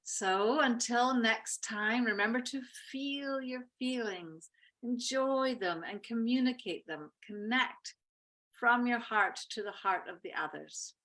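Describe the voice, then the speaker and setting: Bright, encouraging woman love coach. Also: fairly high pitch, slow. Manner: gentle, reflective, encouraging. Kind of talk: casual chat.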